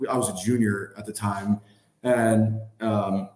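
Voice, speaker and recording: A man in his thirties, a guest on a podcast, telling a story in casual chat. He talks in an animated way, full of "like" and "I mean". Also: lowish voice, slow pace. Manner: animated, acts out quoted voices, many "like" and "I mean" fillers. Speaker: podcast guest, former hockey player. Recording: roomy echo.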